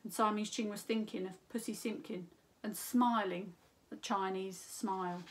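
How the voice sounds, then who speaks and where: A woman, a school teacher, reading a children's story aloud in an expressive, unhurried way. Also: medium pitch, a little hiss or hum.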